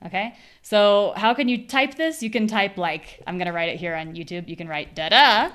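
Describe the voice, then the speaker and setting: American woman, live pronunciation teacher, clear and patient, punches stressed syllables when demonstrating. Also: medium pitch, steady tone, moderate pace. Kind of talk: live online class.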